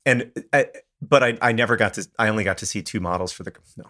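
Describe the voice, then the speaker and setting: Low-pitched guy cohost, earnest and self-mocking, lots of restarts. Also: fast talker, pushed and bright. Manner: thoughtful, earnest, self-deprecating, with false starts. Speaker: podcast co-host. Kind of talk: casual chat.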